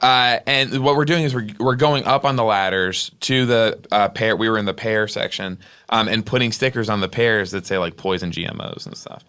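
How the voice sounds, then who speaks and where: A man's voice: fairly low pitch, steady tone, moderate pace, sharp tone, clean tone. A man hosting a comedy podcast, telling an improvised story in a rambling way with many fillers.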